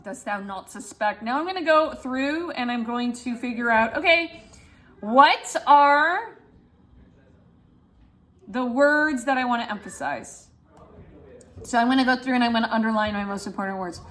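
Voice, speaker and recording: A woman drama teacher at home, talking through how she marks up a script and thinking her choices out loud. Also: on the high side, moderate pace, pauses often. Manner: talks through her choices aloud, self-instructing. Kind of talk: demonstrating script rehearsal at home.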